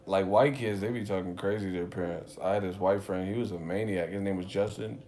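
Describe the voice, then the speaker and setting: A man's voice: sits low, fairly even intonation, a little fast, darkish tone. A man hosting a live stream, telling stories in a loose, profane, laughing way. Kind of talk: casual chat.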